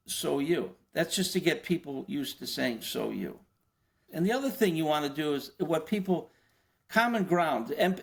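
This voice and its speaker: A fairly high-voiced older man talks through his points in a relaxed interview. He keeps asking his listener rhetorical questions and often trips into restarts before pressing on. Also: creaky. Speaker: interview guest, former FBI agent. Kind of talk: conversational explanation.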